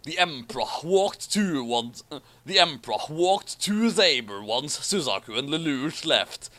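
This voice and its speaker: A man's voice: on the high side, expressive, measured pace, fairly bright tone. A man doing a comedic reading of a fan story with commentary, theatrical and hammy, laughing often. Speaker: fanfiction reader and commentator.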